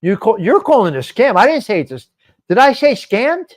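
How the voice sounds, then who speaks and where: A man's voice: high-pitched, sing-song, brisk. A man hosting a live stream show, chatting casually and answering viewer comments by name in a rambling, swearing way.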